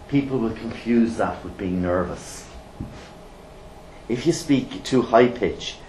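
A blunt middle-aged trainer lectures his class, his lowish voice rising and falling widely. He keeps asking the room rhetorical questions. The recording is roomy and echoey, with faint noise behind him. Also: warm tone. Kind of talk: classroom teaching.

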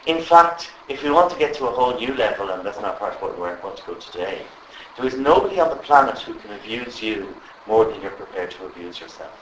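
A man leading a live workshop, animated and constantly asking the group questions. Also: lowish voice, fairly quick, far from the mic, slight background noise. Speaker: trainer. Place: training room with live audience. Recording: echoey room with faint ambience.

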